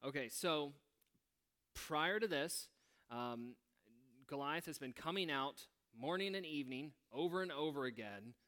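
A man with a slightly high voice leads a prayer and then teaches a Bible passage, unhurried and relaxed. He speaks conversationally, musing aloud and adding wry asides.

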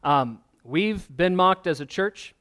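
A man's voice: sits high, expressive, slow pace, bright, forceful tone, clear, resonant tone. A man, a pastor, preaching a sermon in an earnest, emphatic way, often asking the listeners questions.

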